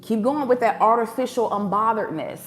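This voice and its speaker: A woman's voice: fairly high pitch, animated, brisk, faint music behind. A woman giving a casual spiritual reading to viewers, chatty and emotional, calling them "y'all" and "baby" and breaking into preaching bursts. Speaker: tarot card reader.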